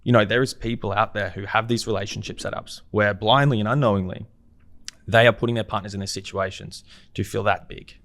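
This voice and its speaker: A man's voice: on the low side, steady tone, fairly quick, fairly bright tone, no echo. A man speaking as a guest on a podcast, talking reflectively and posing rhetorical questions in a casual conversation.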